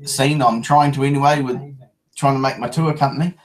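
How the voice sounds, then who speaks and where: A man's voice: mid-range voice, fairly even intonation, a little fast, rough recording. A man with a New Zealand accent chatting casually on a live stream from home, laid-back and slangy, often restarting his sentences.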